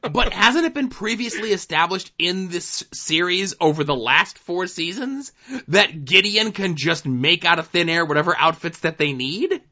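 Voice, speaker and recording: A man's voice: high voice, lively intonation, normal speed, sharp tone, muffled recording. A man co-hosting a casual podcast, recapping TV episodes in a laid-back, dry way with plenty of fillers. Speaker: podcast co-host.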